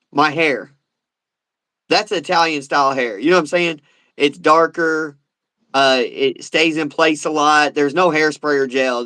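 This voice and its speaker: A man's voice: a little high, bright, forceful tone, no room sound, poor audio. A man hosting a casual talk podcast, rambling and repeating himself with lots of filler. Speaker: host. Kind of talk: casual chat.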